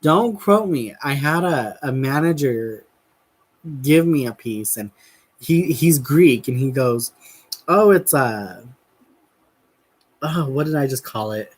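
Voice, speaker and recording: A man's voice: mid-range voice, lively intonation, takes it slowly, pauses often, breathy edge, rough recording. A man telling a rambling, giggly story to his viewers in a casual vlog, with lots of fillers and restarts. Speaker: vlogger. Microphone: camera mic while crafting.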